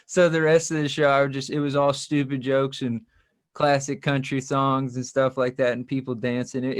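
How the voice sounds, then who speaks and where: A man's voice: medium pitch, clear, resonant tone. Rambling country musician man. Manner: rambling, self-deprecating, laughs often. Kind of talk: casual interview storytelling.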